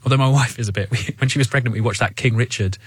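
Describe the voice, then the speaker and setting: A man, co-hosting a radio show in casual banter, stammering and laughing through animated stories. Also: mid-range voice, very fast, slightly rough, no echo. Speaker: radio co-host. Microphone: studio microphone.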